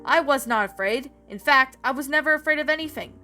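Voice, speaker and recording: A woman reading a storybook, voicing a proud, easily spooked male hedgehog who boasts defensively, with soft music behind her. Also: sits high, a little fast, pitched above the performer's own voice.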